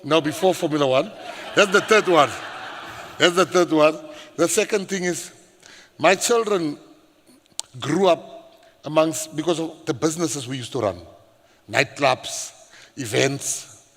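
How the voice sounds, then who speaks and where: Animated South African man in a hall. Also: fairly high pitch, measured pace, long pauses. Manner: animated, laughing, acts out anecdotes with shouts. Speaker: government minister. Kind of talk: public speech with storytelling. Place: large hall at a public event. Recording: reverberant hall.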